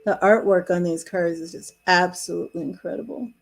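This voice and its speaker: A woman's voice: lowish voice, fairly quick, vocal fry, rough recording. A woman hosting a live-streamed tarot reading, chatting casually, laughing often and reading card messages aloud. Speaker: tarot reader.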